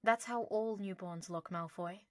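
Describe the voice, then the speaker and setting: A woman voicing an excitable teenage boy wizard who shouts urgently in an audiobook. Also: medium pitch, normal speed, no echo, close to an everyday voice. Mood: teasing.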